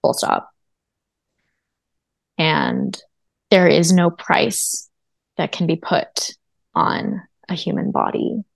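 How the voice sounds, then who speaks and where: Interview guest: woman with a lowish, gravelly voice, earnest and reflective, dry close sound. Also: lively intonation, slow, pauses often, no room sound. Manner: earnest and reflective, with frequent fillers. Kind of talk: personal testimony in a podcast interview.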